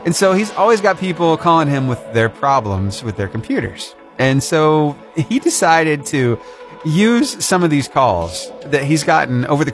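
Male host, casual chat, lively pitch, laughs often. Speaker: radio show host.

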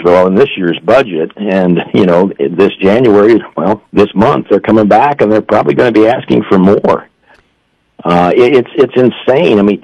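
A man's voice: lowish voice, darkish tone, no room sound, dull audio. A man, a police union leader, talking as a guest in an earnest, emphatic way with many restarts.

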